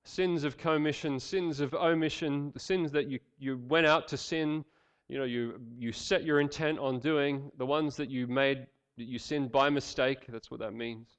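Australian man, pastor, sermon, slightly high voice, passionate emphasis. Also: steady tone, normal speed, smooth. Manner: impassioned, swings from loud emphasis to quiet intensity.

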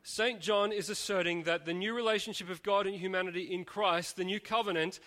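A man's voice: high-pitched, steady tone, fairly quick, pushed and bright. A man preaching a sermon, thoughtful, posing rhetorical questions and often restarting his sentences.

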